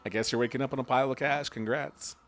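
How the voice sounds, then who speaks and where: A man's voice: medium pitch, steady tone, quick pace, soft background music. A man casually commenting while streaming a video game, joking and laughing often. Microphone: desk mic with webcam.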